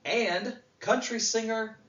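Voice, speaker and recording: A man's voice: high-pitched, slow. A man co-hosting a wrestling podcast, talking casually in a rambling way with lots of fillers. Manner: rambling, filler-heavy, relaxed. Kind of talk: casual chat, predictions. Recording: roomy, distant, dull mic.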